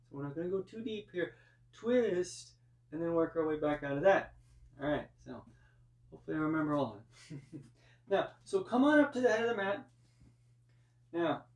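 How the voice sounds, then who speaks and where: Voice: mid-range voice, distant mic. A yoga teacher guiding a live class through breath and poses, with chatty asides. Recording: roomy, voice from off-mic.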